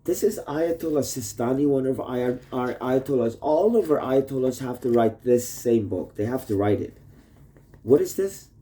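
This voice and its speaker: A man with a medium-pitched, dark-toned voice and lively intonation speaks at normal speed, recording a rambling video message to his wife on a phone plugged in nearby. Sitting at home in a messy rented room, he swears constantly and hops from topic to topic.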